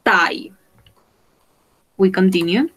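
Woman teacher on a video call, slow and patient, says every word twice, drops into spanish to explain. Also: mid-range voice, fairly bright tone, rough recording. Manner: slow, patient, repeats words for students. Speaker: English teacher. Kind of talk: online class teaching vocabulary.

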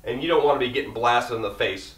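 A man talking quickly and casually through his camping gear, rambling as he goes. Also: medium pitch, fairly bright tone, far from the mic. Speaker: outdoor vlogger. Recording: echoey room, mic set back.

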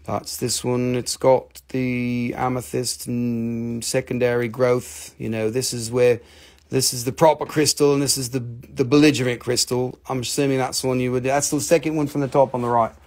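A man's voice: medium pitch, flat delivery, moderate pace, darkish tone. A man hosting a live crystal sale stream in a casual, joking, rambling way, swearing freely and teasing himself. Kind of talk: casual live selling chat.

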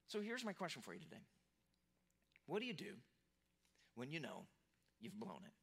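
Bright-voiced man in his forties preaching. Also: on the high side, wildly swooping pitch, moderate pace, creaky, long pauses, breathy edge. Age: 40s. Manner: storytelling, conversational, self-deprecating. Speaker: pastor. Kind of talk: sermon.

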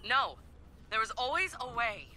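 An actress voicing a brash, enthusiastic young hacker in a video game. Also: female voice, a little high, big pitch swings, normal speed, sharp tone, a little hiss or hum, full character voice. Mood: eager. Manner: enthusiastic, blunt. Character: brash young female hacker, bold and eager.

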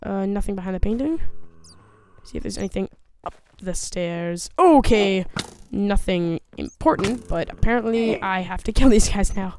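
Woman, gaming host, jittery self-talk commentary, middle pitch, faint hiss behind. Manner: jumpy, nervous, chattering to herself and the game. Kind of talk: let's play commentary.

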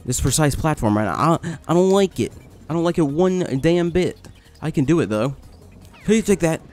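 A man giving casual let's-play commentary, complaining, swearing and getting excited as he plays. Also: fairly high pitch, normal speed, faint music behind. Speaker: gaming video host.

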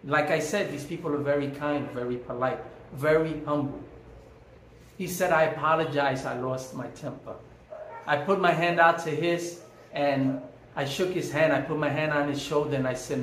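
A man tells a personal story in a preachy, emphatic way, hammering key phrases again and again. His voice sits a little high for a man. The room is echoey, with a faint hum behind him. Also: steady tone, normal speed. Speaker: vlogger.

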